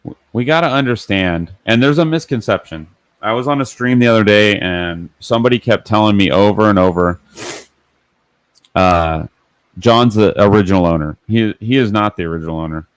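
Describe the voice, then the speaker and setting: A man's voice: lowish voice, brisk, clear, resonant tone, dry recording. A man hosting a casual livestream, chatty and rambling with fillers. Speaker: livestream host.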